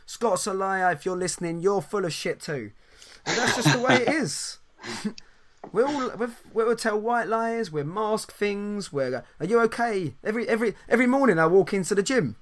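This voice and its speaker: A man hosts a casual podcast chat, his voice sitting a little high for a man. He talks animatedly, tripping into restarts and repeated words and laughing often. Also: expressive, moderate pace. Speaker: podcast host and coach.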